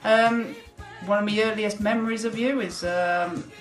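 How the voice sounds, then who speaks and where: A woman's voice: mid-range voice, steady tone, a little slow. A woman tells a chatty, wry birthday anecdote in her mid-range voice. The room around her is echoey, and faint music sits under it. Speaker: family friend. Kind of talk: recorded birthday video message.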